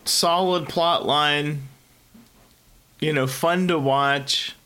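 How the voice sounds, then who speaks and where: A man with a scratchy, under-the-weather voice chats casually as a podcast co-host. He talks slowly and easily, with a fairly high, bright tone, and drops a curse here and there. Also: steady tone, smooth. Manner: slow, laid-back, swears casually. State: sick, scratchy voice. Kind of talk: casual chat.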